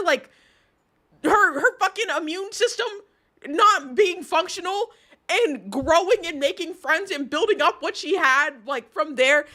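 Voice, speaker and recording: A young woman talks through a live stream in casual commentary, her voice high-pitched and sharply bright. She rambles, restarts her sentences and swears as she gets worked up. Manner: rambling, heated and emphatic, frequent swearing and restarts.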